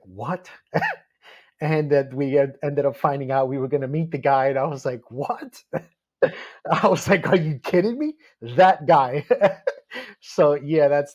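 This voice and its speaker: A man chatting casually in an interview, excitable and laughing often, with many fillers. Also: medium pitch. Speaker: guest researcher. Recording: dull lo-fi sound.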